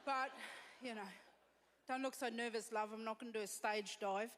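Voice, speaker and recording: A high-voiced woman with a South African accent delivers blunt, self-deprecating stand-up. Her voice rings with the long reverb of a live venue, with faint noise in the room. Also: fairly even intonation, moderate pace. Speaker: stand-up comedian. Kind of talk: stand-up comedy set. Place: comedy stage before an audience.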